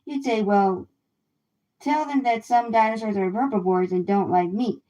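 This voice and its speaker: A woman reading a children's picture book aloud in a gentle, unhurried way on a livestream. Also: a little high, low-quality recording. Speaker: storybook reader. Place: home livestream.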